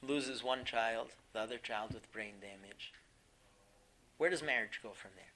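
A man teaching a class through a story, animated, laughing often and filling pauses with "um". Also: medium pitch, low-quality recording. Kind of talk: storytelling lesson.

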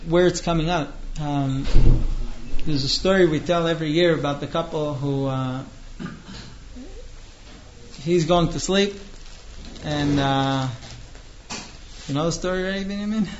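A man with a somewhat high voice tells a story to a class, halting with fillers and restarts. The recording is a bit muffled and carries a faint hiss behind him.

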